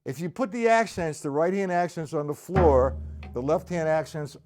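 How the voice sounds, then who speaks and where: A man teaches drums over a live stream in a relaxed way, playing between bits of talk and reading viewer comments aloud. His slightly high voice moves at a moderate pace while loud music sits behind it.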